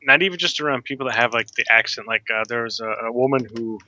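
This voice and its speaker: A man's voice: mid-range voice, fast talker, pushed and bright, dull audio. A man chatting casually with friends while playing a game, easygoing and a little hesitant, often restarting his sentences. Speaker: co-player.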